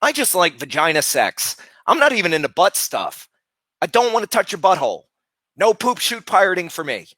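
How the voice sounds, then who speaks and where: A man live streaming, talking casually and loudly berating people with heavy profanity. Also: sits high, very animated, normal speed, dry recording.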